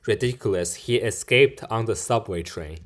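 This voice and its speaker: A man's voice: fairly low pitch, normal speed. Indignant man reacting to a clip. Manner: indignant, plain-spoken, with slips and restarts. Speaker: video reactor. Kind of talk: casual commentary over a news clip.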